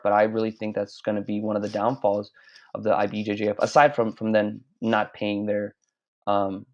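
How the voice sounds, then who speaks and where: A man chatting casually in an interview, telling stories in a halting, rambling way. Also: on the low side, a little mellow. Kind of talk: casual chat. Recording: dull lo-fi sound.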